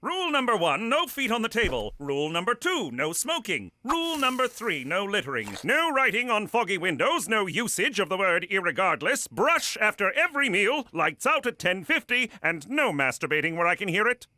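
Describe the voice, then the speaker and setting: A man voicing a prim, fussy, rule-bound man in an animated series, reciting rules in a precise way. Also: high voice, moderate pace, few pauses, a little hiss or hum, full character voice.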